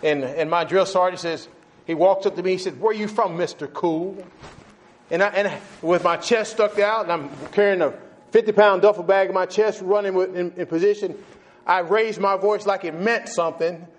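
A man's voice: high-pitched, fairly even intonation, a little fast. A man from Texas, preaching a sermon emphatically, with frequent chuckles and amens. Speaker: pastor.

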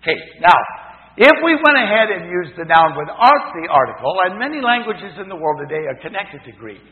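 A middle-aged man preaches to his congregation, stopping to quiz them as he teaches. His voice sits a little high and rises and falls with lots of movement. The recording is thin and tinny, with the long echo of a big hall. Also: fairly quick. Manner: animated teaching, asks the congregation questions. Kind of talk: sermon. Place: church hall.

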